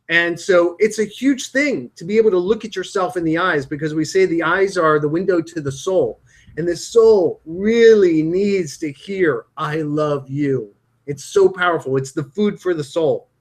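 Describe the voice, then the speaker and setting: A middle-aged man, an acupuncturist, earnestly explaining a healing mantra and leading a guided meditation with slow sing-song chanting. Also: high voice.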